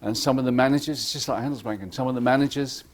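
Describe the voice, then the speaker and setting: A man's voice: medium pitch, racing. Irreverent man giving a conference talk. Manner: lively, irreverent, joking with the audience; acts out clients' lines in quoted voices. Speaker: conference speaker. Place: conference hall.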